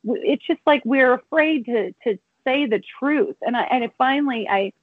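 A woman's voice: high-pitched, no echo. Tearful woman on a tinny phone line. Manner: tearful, halting, many restarts. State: close to tears. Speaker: restaurant and bar owner. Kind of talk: emotional interview over the phone.

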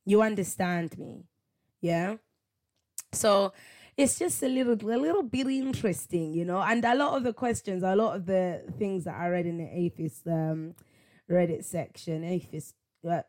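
Woman hosting her own faith podcast, low-ish voice, thinking out loud, keeps asking right? you know?. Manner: reflective, conversational, full of rhetorical questions. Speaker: podcast host. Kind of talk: solo faith podcast monologue.

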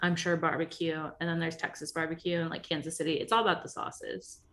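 A woman's voice: sits low, level tone, fast talker, a bit bright. A woman in her thirties co-hosting a podcast, chatting casually and upbeat, with lots of fillers. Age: 30s. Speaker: podcast co-host. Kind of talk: casual chat. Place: podcast recording setup.

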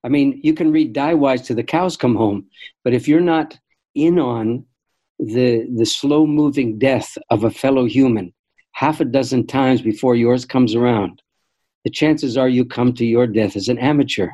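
Mellow-voiced older man, reflective. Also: medium pitch, rough recording. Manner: thoughtful, measured, frequent restarts. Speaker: interview guest. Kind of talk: reflective storytelling conversation.

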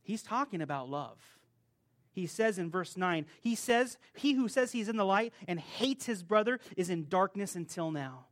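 A man's voice: high voice, normal speed. A man preaching a conversational sermon, telling a personal story and acting out the people in it. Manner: conversational, animated storytelling, acts out rude clerks. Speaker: pastor.

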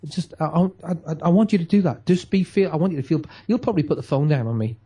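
A man's voice: fairly high pitch, lively intonation, quick pace, mellow, husky. A man giving an emphatic motivational talk, acting out quotes in a radio-style chat. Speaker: guest speaker.

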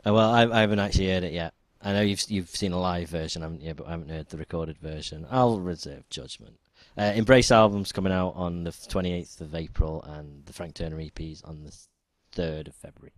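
A man with a very low voice co-hosts a casual podcast, easing through his points with plenty of ums. The recording is close and dry, with no room sound. He keeps an unhurried, chatty pace. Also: no echo. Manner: relaxed, rambling with many ums. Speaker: podcast co-host. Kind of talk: casual chat.

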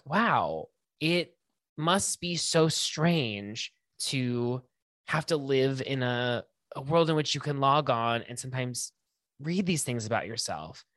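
A man hosting his own podcast alone, thinking out loud in a loose, self-conscious ramble. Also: fairly high pitch, dry recording, studio quality. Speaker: podcast host. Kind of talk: casual solo monologue.

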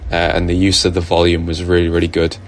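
A man with a Northeast English accent, sending a listener voice message to a podcast and speaking in an even, plain way. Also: low-pitched, fast talker. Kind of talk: recorded voice message.

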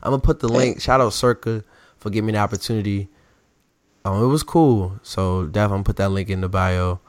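A man's voice: lowish voice, fairly even intonation, brisk, no room sound, clean studio sound. A young man from the DMV area co-hosting a casual chat, telling stories and acting out quotes in raised voices. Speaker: podcast co-host.

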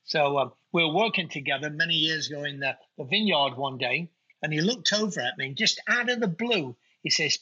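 Bright husky Nottingham man. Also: fairly high pitch, lively intonation, fairly quick, highs cut off. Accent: Nottingham English. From England. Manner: chatty, colloquial, with fillers. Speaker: guest. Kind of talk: casual interview chat.

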